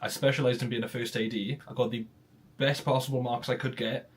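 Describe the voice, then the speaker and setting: A man's voice: mid-range voice, level tone, fairly quick, husky. A young man in his twenties hosting a casual podcast chat, rambling with many restarts.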